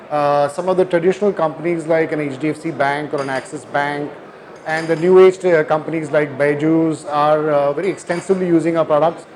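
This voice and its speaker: Earnest male founder with an Indian English accent, halting delivery. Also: on the high side, darkish tone. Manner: hesitant, many fillers, earnest. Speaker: company founder, guest. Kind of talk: conference interview. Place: conference hall.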